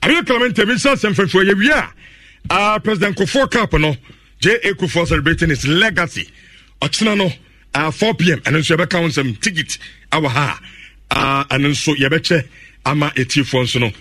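A man's voice: a little high, moderate pace, bright, forceful tone, dry recording. Ghanaian male sports radio host, questioning manner, dry studio sound. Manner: questioning, mixes Twi and English.

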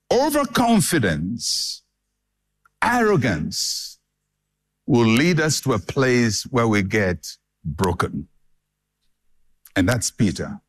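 A man preaching a sermon with dramatic emphasis and repeated phrases for effect. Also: mid-range voice.

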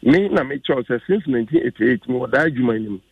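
A man's voice: mid-range voice, expressive, quick pace, creaky. An older Ghanaian man, a member of parliament, talking emphatically and repeating himself as a guest in a radio interview. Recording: dull, dry radio audio.

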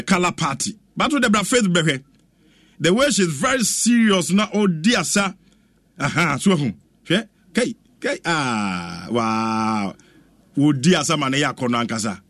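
Man, Ghanaian accent, radio presenter, animated, exclaiming, fairly high voice, dry studio. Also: dry recording. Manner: animated, exclaims and chants, mixes English with Twi. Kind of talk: lively radio chat reacting to videos.

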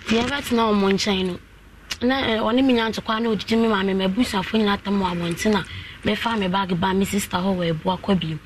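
Female caller, mid pitch, soft steady storytelling, faint noise. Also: brisk. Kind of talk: telling her life story on the phone.

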